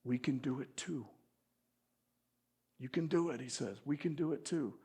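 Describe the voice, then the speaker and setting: A man preaching a sermon as pastor, swinging from loud emphatic appeals to quiet asides and acting out quoted speech with feeling. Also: medium pitch, normal speed, long pauses, breathy edge.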